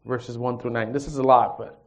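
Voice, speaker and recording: A man giving a personal testimony and reading scripture at a church group, an animated storyteller who acts out the dialogue with chuckles. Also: mid-range voice, brisk.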